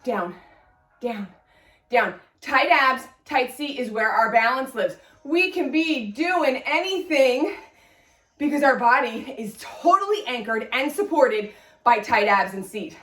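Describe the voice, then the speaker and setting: A woman's voice: high-pitched, lively intonation, slow, bright, forceful tone, roomy sound, distant mic, faint music behind. A woman fitness instructor leading a guided workout, cueing form and counting reps in an encouraging way, a little out of breath.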